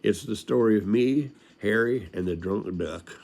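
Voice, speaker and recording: A man's voice: lowish voice, measured pace, creaky, a little mellow. An older man telling a rambling, folksy story from his childhood into a home recording, chuckling along as he goes.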